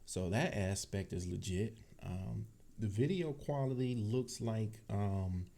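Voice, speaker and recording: A man from Cleveland chats loosely on a livestream, relaxed and easygoing with a lot of laughter. His voice sits low and sounds mellow, with a deep bassy weight to it. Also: slow, gravelly. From Cleveland, Ohio. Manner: laid-back, chatty, laughs often. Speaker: tech channel host. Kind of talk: casual livestream chat. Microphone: desk microphone.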